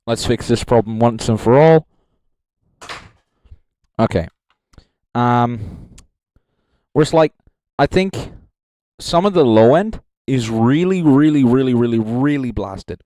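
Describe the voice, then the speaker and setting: A young man serves as judge on a live stream, rambling casually into a handheld mic, cracking jokes between thoughts and leaning on filler words. His mid-range voice is expressive and warm, slow with frequent pauses, recorded dry.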